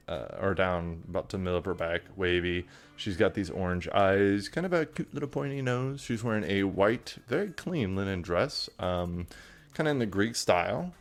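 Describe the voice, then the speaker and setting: Rambling male game master. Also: deep voice. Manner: casual and rambling, with many fillers. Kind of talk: narrating a tabletop game.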